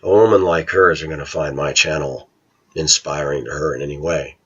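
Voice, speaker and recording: A man's voice: fairly even intonation, brisk, fairly bright tone, breathy edge, dull audio. A middle-aged American man ranting in a casual, opinionated monologue, sometimes mocking other people's voices. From United States. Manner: opinionated, scornful, mocks voices in falsetto. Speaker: vlogger.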